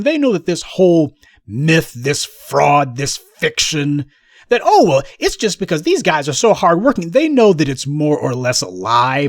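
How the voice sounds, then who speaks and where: Male commentator, scornful and combative, slightly high voice, dry close sound. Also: no echo. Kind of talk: ranting commentary.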